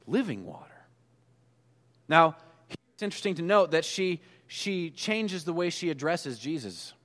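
A man preaching a sermon in a relaxed, conversational way, telling the story with animated asides. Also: a little high, a little slow, big-room sound. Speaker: pastor.

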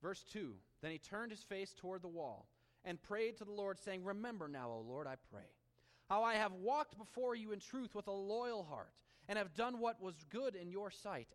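A man preaches a sermon in a high voice. He alternates animated scripture reading with soft, hushed asides. A long reverb trails behind him. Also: moderate pace. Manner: animated preaching, dropping to hushed intimate tones. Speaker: pastor.

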